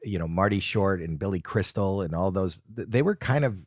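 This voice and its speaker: A man in his sixties hosts a relaxed interview in a lowish voice, chatty and encouraging, always ready with a follow-up question. The sound is close and dry. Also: brisk, no echo. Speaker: talk show host. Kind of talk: casual interview chat.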